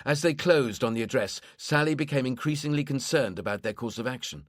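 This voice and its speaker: A man reading a crime thriller audiobook in a steady, measured narration. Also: mid-range voice, dry recording, studio quality.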